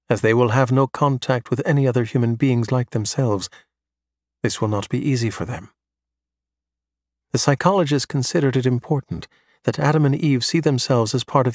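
A man reads an audiobook in a calm, measured way, keeping an even, steady delivery. His voice sits at an ordinary middle pitch. The recording is close and dry, with no trace of room echo. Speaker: audiobook narrator. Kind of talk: scripted audiobook narration.

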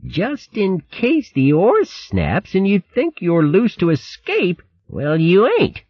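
A gloating storybook sea rat boatswain with a rough dialect. The voice climbs high and swings wildly, with a husky edge. The recording is dry and slightly dull. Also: male voice, wildly swooping pitch, no echo, heavily acted. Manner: rough dialect, drawn-out menacing taunts.

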